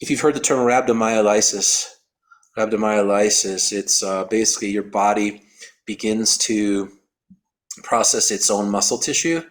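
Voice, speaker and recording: A man's voice: on the low side, steady tone, moderate pace. Technical-minded man telling a race story. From United States. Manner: repeats words on restarts, acts out quoted voices; explains in a calculated, technical way. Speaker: endurance athlete guest. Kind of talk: storytelling interview.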